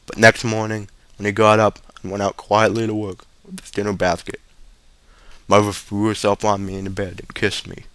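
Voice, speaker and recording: A man reading a short story aloud as narrator, steady with occasional small stumbles. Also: lowish voice, normal speed, clean tone, no room sound. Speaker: story reader.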